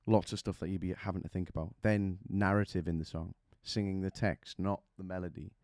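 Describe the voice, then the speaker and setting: A man's voice: deep voice, steady tone, a little fast, darkish tone, dry recording, clean studio sound. A man coaching singers, explaining vocal technique with images and questions to the listener.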